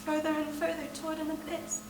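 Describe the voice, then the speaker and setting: A woman's voice: high voice, completely flat delivery, a little fast, noisy background. Actress as a despairing young woman on stage. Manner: emotional, pleading, breaking into outbursts. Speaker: stage actor. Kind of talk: live stage acting. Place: theatre stage. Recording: roomy stage sound from far off.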